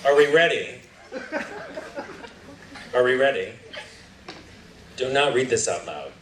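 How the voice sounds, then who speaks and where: A man's voice: medium pitch, expressive, takes it slowly, reverberant, far from the mic, background noise. A man giving a guest lecture, playfully coaching volunteers through a game and laughing often. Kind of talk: lively lecture-hall game with audience.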